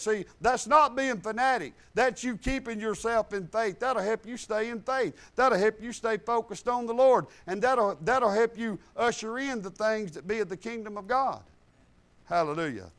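Preacher guy, high voice, folksy, quotes scripture, tosses in hallelujahs. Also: a bit bright. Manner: folksy, retells conversations with God and others; mixes scripture quotes with plain talk, sprinkles hallelujahs. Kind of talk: sermon.

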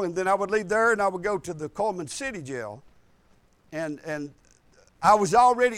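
Earnest preacher. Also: male voice, sits high, fairly bright tone, dry recording. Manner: rambling and earnest, with folksy grammar and restarts. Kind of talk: testimony in a sermon.

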